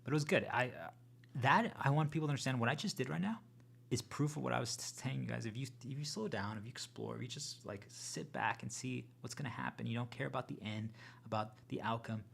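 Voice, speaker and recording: A man hosting his own channel, talking to viewers in an earnest, rambling, unscripted monologue full of restarts, sometimes dropping to a hushed whisper. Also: medium pitch, quick pace, vocal fry, a little hiss or hum. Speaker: channel host.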